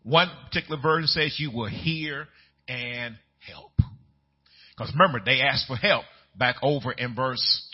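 A man preaching a sermon in a conversational style, swinging from quiet asides up to loud, excited peaks. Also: mid-range voice, a little slow, breathy edge, muffled recording. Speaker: pastor.

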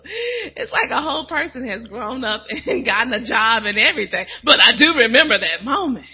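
A middle-aged woman, a church first lady preaching a testimony sermon in an animated way, with asides and playful voices. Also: a little high, moderate pace. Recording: dull lo-fi church recording.

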